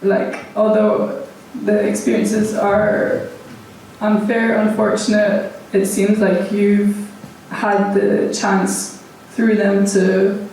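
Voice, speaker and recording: Slow, gravelly-voiced woman moderator. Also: medium pitch, monotone, slight background noise. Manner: slow, gentle, hesitant. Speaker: panel host. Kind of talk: moderating a panel. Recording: echoey hall from far off.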